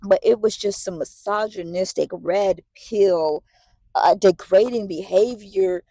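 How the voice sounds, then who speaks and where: A woman in her late twenties telling a story to the camera, animated and profane, repeating herself as she vents. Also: mid-range voice, takes it slowly, no echo, low-quality recording. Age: late 20s. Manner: animated, profane, repetitive venting. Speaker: vlogger.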